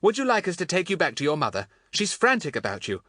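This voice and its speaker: A man voicing a brisk, bossy schoolboy sleuth. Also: a little high, huge pitch swings, bright, forceful tone, no room sound, studio quality, voice pushed up, exaggerated voice. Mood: eager. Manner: brisk, confident, commanding. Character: eager, bossy schoolboy detective leader. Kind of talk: audiobook character voice.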